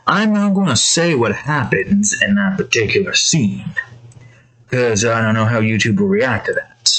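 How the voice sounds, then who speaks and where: A man's voice: mid-range voice, a bit bright, rough recording. A man giving casual, rambling commentary while he draws. He breaks off often with fillers and restarts. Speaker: artist and video creator.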